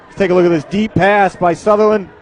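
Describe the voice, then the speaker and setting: A man's voice: high voice, steady tone, fast. A young man doing play-by-play for a school game, with joking, teasing banter. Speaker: play-by-play announcer. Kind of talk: student broadcast commentary. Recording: gym crowd and noise behind.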